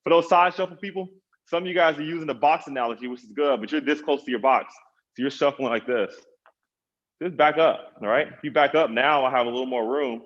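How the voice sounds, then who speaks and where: A man's voice: medium pitch, highs cut off. A man, a personal trainer, coaching an online workout class, encouraging people and counting down the reps.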